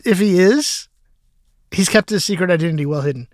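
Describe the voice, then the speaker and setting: High-voiced jokey male co-host. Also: a little fast, dry recording, studio quality. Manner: jokey, chatty, laughs often. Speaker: podcast co-host. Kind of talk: casual podcast chat.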